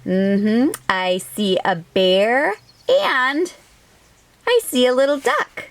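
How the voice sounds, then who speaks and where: A woman hosting a children's storytime, reading a picture book aloud gently and asking the children questions. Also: fairly high pitch, drawn-out words.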